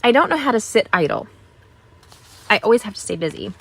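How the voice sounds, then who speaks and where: Live craft host, woman, middle-aged, chatty and upbeat, mid-pitched voice. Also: very animated, a little fast, a bit bright, breathy edge, no room sound. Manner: chatty, greets viewers, enthusiastic asides. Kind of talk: casual live-stream craft demo.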